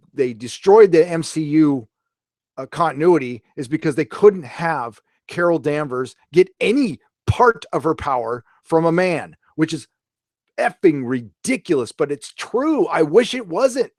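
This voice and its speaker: A man's voice: fairly high pitch, no room sound. Chatty man rambling on a dry mic. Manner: rambling, chatty, cursing freely. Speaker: pop culture show host. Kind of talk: casual livestream chat.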